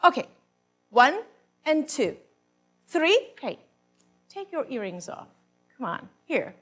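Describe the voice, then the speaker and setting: In a full character voice, a stage performer pitches high and swings widely, speaking slowly over soft background music. Her live comic monologue casts her as a bossy, worldly woman tutoring other ladies, punctuated by swooping, theatrical moans and sighs.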